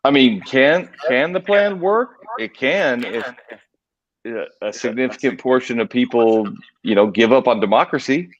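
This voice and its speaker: A man on a podcast, explaining politics in a measured, hedging way, with restarts. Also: medium pitch, animated, no echo. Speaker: guest. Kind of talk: podcast discussion. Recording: dull lo-fi remote audio.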